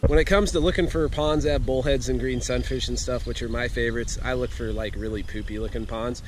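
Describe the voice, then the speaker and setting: A man's voice: medium pitch, fairly even intonation, a little fast, slight background noise. A man hosting a casual fishing vlog outdoors, talking in an easygoing, self-amused way. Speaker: fishing channel host. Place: outdoors at a pond and at home with a bait tank.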